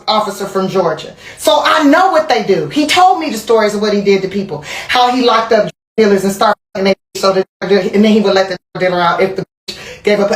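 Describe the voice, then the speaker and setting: A woman telling a candid personal story in a casual interview, animated and profane, laughing as she goes. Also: fairly high pitch, roomy sound. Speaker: interview guest.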